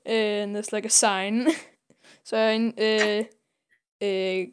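A woman's voice: mid-range voice, flat delivery, extremely slow, a little hiss or hum. A young woman co-hosting a podcast, retelling a comic story with many ums and little laughs, acting out the characters' lines. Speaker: podcast co-host.

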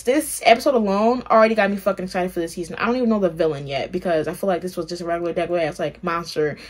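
A young woman hosting a reaction channel, talking in a rambling, excitable way with plenty of swearing and fillers. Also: lowish voice. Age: young adult. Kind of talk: casual reaction commentary.

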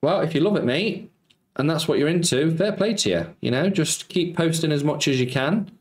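A man's voice: fairly high pitch, lively intonation, moderate pace. Chatty man streaming in a roomy space. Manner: chatty, reads out and answers viewer comments. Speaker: slots streamer. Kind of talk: casual live-stream chat with viewers. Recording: roomy sound with faint music.

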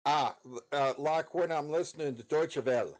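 A man's voice: on the high side, moderate pace. An American man making hesitant, contrarian quips in a casual voice chat. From United States. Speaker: voice chat participant.

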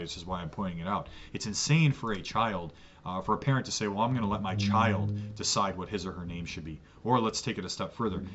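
A man's voice: on the low side, a bit bright, slightly rough, dull audio. A man teaching a church catechism lesson as pastor, earnest, often repeating words as he restarts a sentence.

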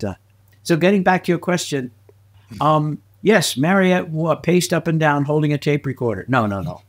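A man's voice: fairly high pitch, normal speed. A man telling anecdotes as a guest in a casual interview, laughing often and slipping into voices. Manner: lively anecdotal storyteller who slips into voices and laughs often. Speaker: guest actor and filmmaker.

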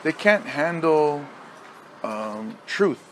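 A middle-aged man from Hawaii chats on a podcast with a somewhat high, very animated voice that rises and falls freely. He rambles, laughs often and acts out blunt lines loudly. Faint background noise sits under the recording. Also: very slow. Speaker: podcast co-host, high school football coach. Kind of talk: casual chat.

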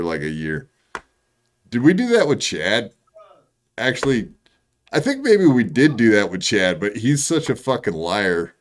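Co-host, man, mid pitch, rapid profane ranting. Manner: fast-talking, profane, ranting. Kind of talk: casual chat on a live stream.

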